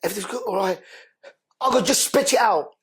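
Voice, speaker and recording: A man, a podcast guest telling an emotional personal story in an animated, slangy way, repeating words for emphasis. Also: sits high, fairly quick, husky.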